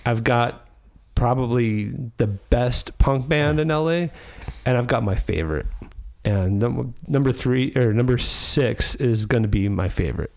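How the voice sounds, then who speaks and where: Gravelly man in casual chat. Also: medium pitch, measured pace, darkish tone. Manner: rambling and enthusiastic, with frequent fillers. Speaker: podcast host.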